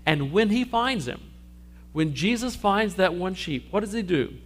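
A man preaching a sermon, telling a parable with lively storytelling and acting out the characters' lines. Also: high-pitched, a little slow. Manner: animated storytelling, acting out sheep and Jesus. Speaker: pastor.

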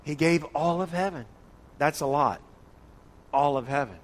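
A man's voice: a little high, moderate pace. A man from the northern United States teaching an interactive church Bible study session, playfully calling on listeners by name. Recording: long hall reverb.

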